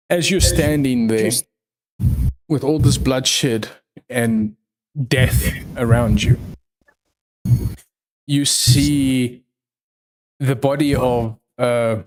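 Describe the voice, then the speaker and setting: Male game master for a livestreamed tabletop game. Slow, deliberate storytelling with a mid-range voice. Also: medium pitch. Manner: slow, measured storytelling with pauses. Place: online livestream.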